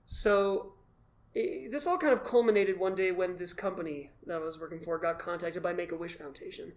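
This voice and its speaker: A man as the guest, telling his story in an animated, self-deprecating way and acting out his own past thoughts. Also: high voice, brisk. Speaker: guest, costumed charity volunteer. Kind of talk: casual storytelling in a conversation.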